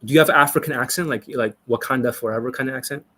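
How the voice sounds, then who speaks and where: A man's voice: mid-range voice, fast talker, bright, forceful tone. A man coaching on a live stream, answering viewers in a blunt, profane, rambling way. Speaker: dating coach.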